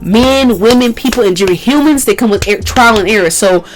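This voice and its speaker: A woman co-hosts a faith conversation and speaks earnestly about what she has lived through. Her words come quickly, with soft music playing faintly underneath. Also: on the high side, low-quality recording. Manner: earnest, testifying about personal struggles. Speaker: co-host. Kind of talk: casual faith talk.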